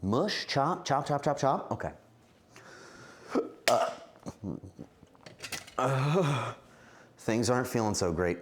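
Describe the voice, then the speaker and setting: Man, streamer cooking at home, talks to chat, self-mocking, lively swooping voice. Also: medium pitch, slow, long pauses, slight background noise. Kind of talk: rambling live-stream chat while cooking.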